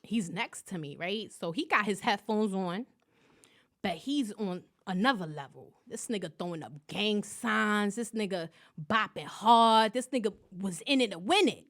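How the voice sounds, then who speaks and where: A woman hosting her own podcast, talking loudly and profanely in a casual, animated solo monologue full of slang. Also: mid-range voice, a little slow. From New York. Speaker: podcast host.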